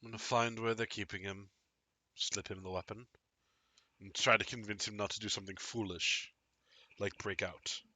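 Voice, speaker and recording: Low, bright-toned, earnest weary knight voiced by a man, dry close sound. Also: fairly even intonation, normal speed, no room sound. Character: Albus, weary loyal male knight NPC.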